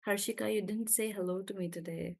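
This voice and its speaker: A woman's voice: mid-range voice, steady tone, fairly quick, vocal fry, a little mellow. A woman teaching in a live online class, chatty and encouraging as she praises students by name and laughs often. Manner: laughs often between explanations. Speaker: English teacher.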